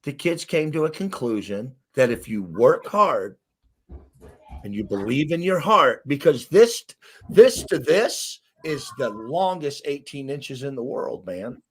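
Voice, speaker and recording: Animated middle-aged coach telling stories. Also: male voice, mid-range voice, measured pace, husky. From Arkansas, USA. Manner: emphatic, animated storyteller who acts out quotes. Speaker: basketball coach, guest. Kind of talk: storytelling in an interview.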